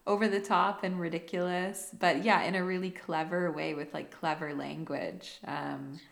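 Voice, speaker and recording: A woman podcast co-host speaking slowly and easily, laughing often. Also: fairly low pitch, fairly even intonation, gravelly. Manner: slow, easy, laughs often. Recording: roomy echo.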